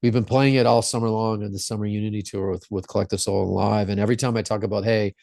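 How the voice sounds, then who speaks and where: A man's voice: on the low side, fairly even intonation, fast talker, gravelly, a little mellow, dry recording, studio quality. A man who is a rock singer, the guest on a podcast, telling stories in an earnest, reflective way. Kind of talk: casual interview storytelling.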